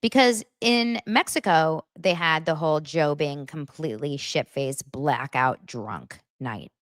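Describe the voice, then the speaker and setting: A woman's voice: low-pitched, a little slow, no room sound, clean studio sound. A woman hosting an entertainment podcast, giving a chatty, opinionated recap of reality TV.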